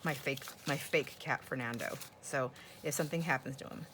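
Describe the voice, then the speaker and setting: A woman's voice: rumbling low, moderate pace, noisy background. An older woman chatting casually while sorting craft supplies in her home craft room, rambling and laughing often. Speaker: craft vlogger.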